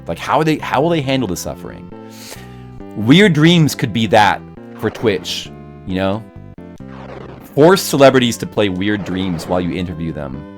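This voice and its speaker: A man with a low voice chats on a gaming stream, his pitch swinging widely as he rambles to viewers. Faint game music plays under him. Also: sing-song, normal speed, long pauses. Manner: rambling, chats with viewers, bursts into mock rage. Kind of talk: casual gaming stream chat.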